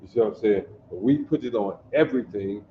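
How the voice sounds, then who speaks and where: A man from Detroit teaching a basic Hebrew class, drilling pronunciation slowly and coaxing the class to answer. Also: fairly low pitch, slight background noise. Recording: echoey room, distant dull mic.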